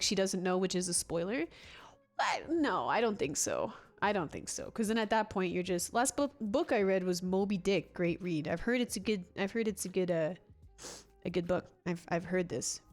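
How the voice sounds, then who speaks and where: A woman hosting a relaxed gaming livestream, chatting loosely with her viewers at an ordinary middle pitch. She rambles, restarts her sentences and breaks into laughs as she answers the chat. Faint music plays softly behind her. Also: a little fast.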